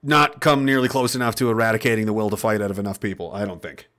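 A man's voice: on the low side, steady tone, fast talker, a bit bright. A man speaking to his viewers in an impassioned, profane, rambling monologue. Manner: profane, rambling, fervent, with restarts. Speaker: online commentator.

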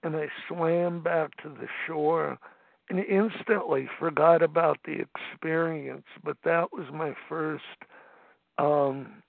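A man in his seventies telling his recovery story at a phone meeting, halting, with many fillers and restarts. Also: a little high, steady tone, gravelly, no echo. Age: 70s. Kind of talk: personal testimony at a phone meeting. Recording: tinny phone line, dry.

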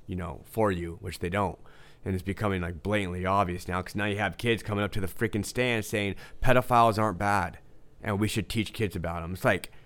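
A man's voice: fairly low pitch, a bit bright, smooth. A man co-hosting a podcast, giving emphatic, indignant commentary in a rambling, casual way. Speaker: podcast co-host.

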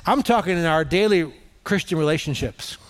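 A man's voice: on the high side, normal speed, slight background noise. Conversational man preaching a sermon. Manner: conversational, animated storytelling with acted quotes. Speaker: pastor.

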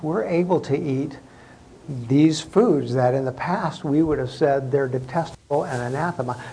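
A man's voice: a little high, mellow, slight background noise, rough recording. A man preaching a sermon as the pastor, talking in a conversational way with rhetorical questions and repeated words.

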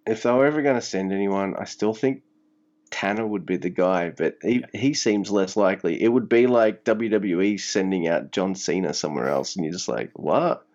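Animated man in casual podcast chat. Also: low voice, normal speed, muffled recording. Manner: animated, swearing, mock-voices for quotes. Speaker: podcast co-host.

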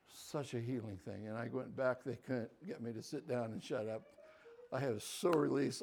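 An older man giving a personal storytelling talk as a guest speaker, lively and shifting between quiet asides and loud animated bursts. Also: mid-range voice, gravelly.

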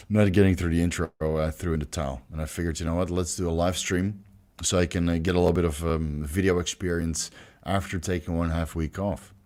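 A man's voice: deep voice, darkish tone. A man with a Dutch accent chatting loosely on a livestream, swearing freely and reading out viewer comments. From Netherlands. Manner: loose and profane, many fillers and restarts. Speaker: livestream host.

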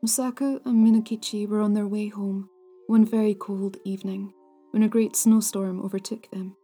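Woman reading ghost tales, hushed and whispery, mellow voice, pretty flat delivery, soft music behind. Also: medium pitch, normal speed. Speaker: storyteller, podcast host. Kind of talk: scripted narration of ghost stories.

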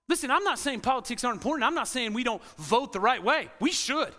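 A man preaching a sermon as pastor to a congregation in a church, animated and swinging between loud emphasis and quiet intensity. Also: extremely high pitch, a little fast, few pauses. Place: church sanctuary.

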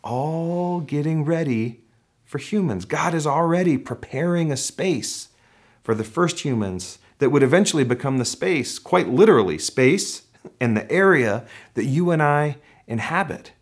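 A man preaching a sermon as pastor, talking in a relaxed, conversational way with fillers and restarts, and slowing down when he reads scripture. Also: on the high side.

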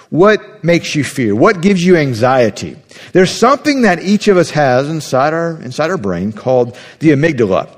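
Man preaching in an echoing hall. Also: medium pitch. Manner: conversational, animated preaching with acted-out inner voices. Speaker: pastor. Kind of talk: sermon.

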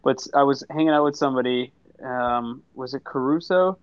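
A man's voice: medium pitch, fairly quick, clear, resonant tone, no echo, dull audio. A man co-hosting a casual podcast, rambling through stories and opinions with restarts. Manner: rambling, laughs while telling stories. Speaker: podcast co-host. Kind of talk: casual chat and storytelling.

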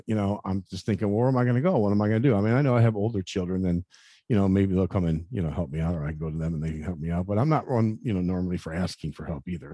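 A man in his fifties telling a personal story in an interview, earnest and halting, often repeating words and saying "you know". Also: low-pitched, mellow, no room sound, clean studio sound. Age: 50s. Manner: earnest, confessional. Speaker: interview guest.

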